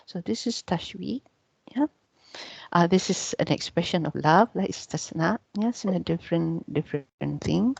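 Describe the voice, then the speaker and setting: A woman's voice: fairly low pitch, animated, moderate pace, vocal fry, a little mellow, breathy edge, no room sound. A woman teacher giving a casual lecture on Arabic grammar, chatty and full of "yeah" and "you know" fillers. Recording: dull, muffled sound.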